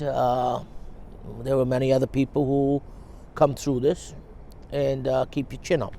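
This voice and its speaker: A man in a documentary interview, recounting events in a halting, reflective way. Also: mid-range voice, flat delivery, gravelly, mellow, slight background noise.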